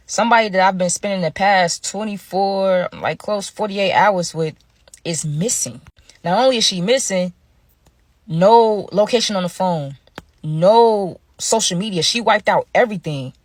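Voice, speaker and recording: A woman's voice: mid-range voice, moderate pace, no echo. A woman vlogger telling a storytime to her viewers in a chatty, slangy way. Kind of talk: casual storytime narration.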